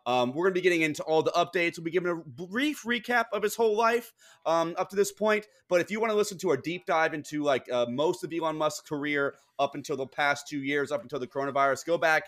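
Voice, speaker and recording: A man's voice: a little high, fast, fairly bright tone. A man co-hosting a casual podcast, rambling through announcements with lots of ums and uhs. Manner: rambling, many fillers like um and uh. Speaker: podcast co-host.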